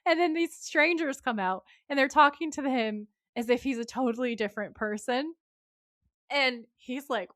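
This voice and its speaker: Animated woman, higher voice. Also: normal speed, no room sound, studio quality. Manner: animated, acts out quotes from her notes. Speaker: podcast co-host. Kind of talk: casual recap chat.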